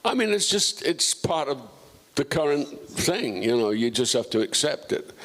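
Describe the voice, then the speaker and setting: An older man at a festival talk tells long anecdotes about his acting career. His voice sits at a middling pitch, and his stories wander through many restarts and asides. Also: big pitch swings, moderate pace, fairly bright tone. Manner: rambling, full of restarts and "you know", acting out quoted voices. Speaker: actor, guest of honor. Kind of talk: relaxed career storytelling on stage. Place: festival stage.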